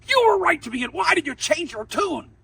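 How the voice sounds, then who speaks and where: A man doing a stern, shouting law professor. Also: very high voice, big pitch swings, a little fast, vocal fry, recorded from a distance, voice pushed up, exaggerated voice. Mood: scolding. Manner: loud, demanding questioning. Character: stern, easily angered male law professor.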